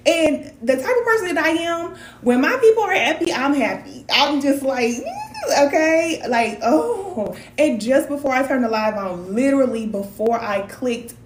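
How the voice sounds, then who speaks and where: Speaking at a normal speed in a reverberant space, a woman with a high-sitting voice runs a casual spiritual wellness live stream. She's animated and folksy, greeting viewers as cousins.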